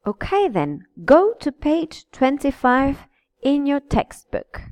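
Woman teacher, very slow, lively pitch, over-articulated words, dry sound. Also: dry recording. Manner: over-articulated model words, patient repetition. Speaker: English teacher. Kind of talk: slow, careful pronunciation lesson.

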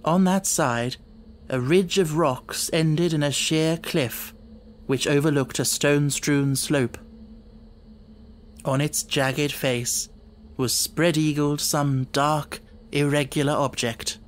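A man narrating an audiobook in a steady, dramatic storytelling manner. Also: on the high side, takes it slowly, slight background noise.

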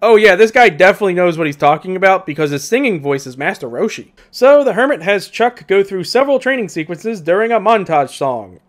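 A male movie reviewer talking casually with a sarcastic, mocking edge. His voice is fairly high and very animated, rising and falling a lot. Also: brisk, hardly any pauses. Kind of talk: casual commentary.

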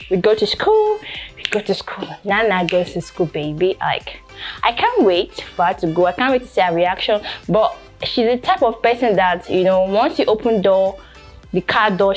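A young woman with a Nigerian accent talks to her camera in an easygoing home vlog. Her pitch sits in a middle range for a woman, and she keeps circling back to the same points with plenty of "you know". Faint music plays softly behind her voice. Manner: chatty, repeats herself, many fillers like "you know". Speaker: vlogger and photographer. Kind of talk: casual vlog talk to camera.

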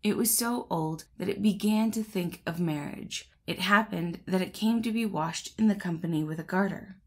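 A woman hosts an audiobook of a classic fairy tale, her voice lowish, a little mellow, and moderately paced. She opens by greeting listeners in a friendly, chatty way, then settles into steady storybook reading.

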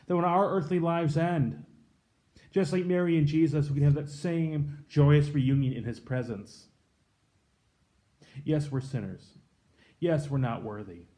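A fairly high-pitched man in his thirties gives a daily devotion as a pastor. His tone is mellow and warm, and he reads scripture before telling personal stories earnestly. He often drops to a soft, hushed delivery on the tender parts. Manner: earnest, reflective storytelling that drops soft and quiet on tender points. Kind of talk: scripture reading and devotional sermon.

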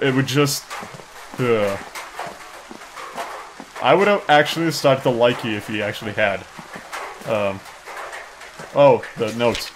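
A man giving sarcastic, excitable commentary while playing a horror game. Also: medium pitch, noisy background. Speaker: let's play gamer.

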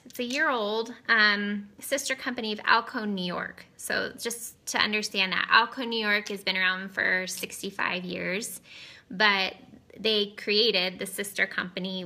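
A woman's voice: medium pitch, sharp tone. A woman in her thirties chatting casually on a live stream, giggly and rambling off on tangents. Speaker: cosmetics seller streaming live. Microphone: webcam or phone on camera.

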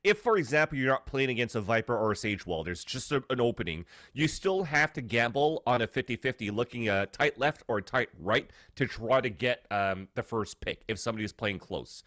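A man's voice: medium pitch, animated, fairly quick, few pauses, fairly bright tone, no echo, clean studio sound. A man explaining gameplay as a guest on a casual gaming show, with frequent restarts. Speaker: guest player analyst.

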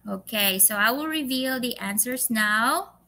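A woman's voice: fairly high pitch, lively intonation, unhurried, pushed and bright, poor audio. A Filipino woman teacher leading an online English lesson, reading quiz questions patiently and drawing her words out, with Tagalog fillers. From Philippines.

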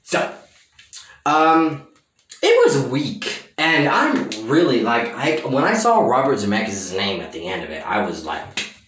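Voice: medium pitch, huge pitch swings, measured pace, fairly bright tone. A film reviewer giving a casual, exasperated rant about a movie, swearing freely, recorded in a bathroom. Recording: echoey bathroom sound.

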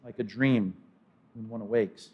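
A man preaching a sermon as pastor, swinging from loud to hushed and voicing imagined speakers. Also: on the low side, fairly even intonation, a little slow, husky, dull audio. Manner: dynamic preaching, voices imagined speakers, sudden drops to quiet.

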